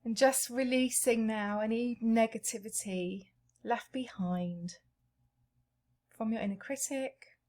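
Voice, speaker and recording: A woman guides listeners through an emotional tapping routine, naming each point on the face and body in turn. Her voice sits fairly high and she takes her time, leaving space between the phrases. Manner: slow, gentle, calling out tapping points. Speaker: EFT tapping practitioner.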